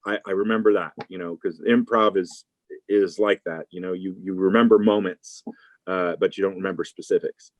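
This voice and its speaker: A man with a fairly low voice talks casually as an interview guest. He rambles through his answers with fillers and restarts. The sound is dry and close. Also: steady tone, normal speed, dry recording, low-quality recording.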